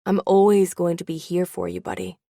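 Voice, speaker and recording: A woman voicing a boy's loving father who speaks softly and reassuringly. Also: sits high, flat delivery, a little fast, vocal fry, dry recording, clean studio sound. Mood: tender. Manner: soft, reassuring. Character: gentle, reassuring father of a boy.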